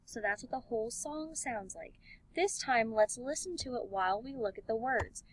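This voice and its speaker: A woman music teacher giving an elementary music lesson, talking slowly and clearly and encouraging the class. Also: on the high side, lively intonation, poor audio. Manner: slow, clear, encouraging teacher talk with sung and chanted examples.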